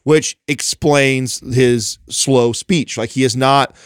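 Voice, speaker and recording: A man's voice: medium pitch, fairly even intonation, slow, smooth, no echo, studio quality. Rambling man in casual podcast chat. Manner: rambling, full of restarts and casual swearing. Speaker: podcast host.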